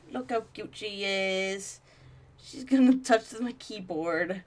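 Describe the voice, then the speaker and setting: A woman's voice: mid-range voice, animated, normal speed. A woman streaming a horror game live, chatting and cooing affectionately to her cat between reading passages.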